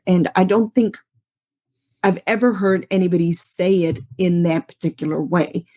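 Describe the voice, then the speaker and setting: A woman's voice: fairly low pitch, moderate pace, darkish tone. A woman hosting a podcast interview, eager and inquisitive as she asks her guest to explain. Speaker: podcast host.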